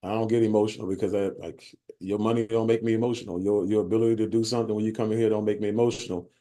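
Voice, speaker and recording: Man, lowish mellow voice, plainspoken motivational sales speaker with a streetwise edge and frequent restarts. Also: steady tone, racing. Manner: blunt, streetwise, repetitive with stumbles and "right?" tags. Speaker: sales team leader speaking at a bootcamp. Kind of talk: motivational talk to a live group.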